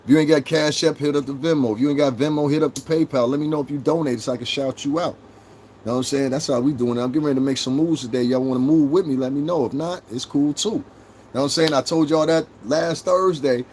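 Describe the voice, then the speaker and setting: A man in his thirties with a New York accent hosts a casual livestream, talking straight to his chat in a brash, profane way. His voice is on the high side and darkish, steady and quick, with a little hiss or hum in the audio.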